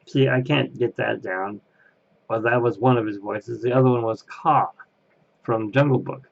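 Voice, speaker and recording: A man's voice: medium pitch, normal speed, vocal fry, phone-quality sound. A man chatting casually on camera as an interviewee, rambling and laughing at himself. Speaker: Disney fan interviewee. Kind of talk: casual chat.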